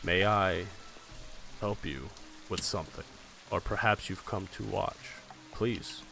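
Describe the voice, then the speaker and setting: A man voicing a soft-spoken, eerily polite villain. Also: sits low, vocal fry, soft background music, pitched below the performer's own voice, full character voice. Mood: courteous. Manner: soft, slow, courteous menace.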